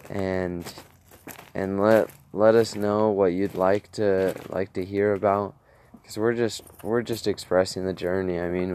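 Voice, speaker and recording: Young man, vlogger, unhurried pace, animated, rambling, faint street noise. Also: deep voice. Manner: animated, acting out his own reactions, rambling with restarts. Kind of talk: casual storytelling to viewers.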